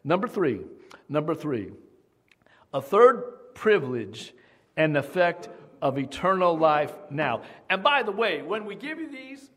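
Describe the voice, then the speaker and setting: A man's voice: on the high side, sing-song, unhurried, a bit bright. Emphatic male pastor preaching. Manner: emphatic, asks the congregation questions. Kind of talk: sermon.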